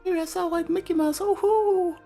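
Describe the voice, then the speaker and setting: A man putting on a cheerful, high cartoon mouse voice in a giggly falsetto with hooting laughs. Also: steady tone, moderate pace, vocal fry, mellow, soft background music. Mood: goofy, giggly.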